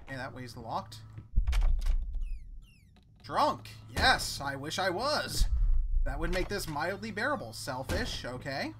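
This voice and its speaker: A man's voice: fairly high pitch, sing-song, takes it slowly, long pauses, bright, forceful tone, a little hiss or hum. A man playing a horror video game and commenting on it, sarcastic and jumpy, talking back to what he sees on screen. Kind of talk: let's play commentary. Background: game music.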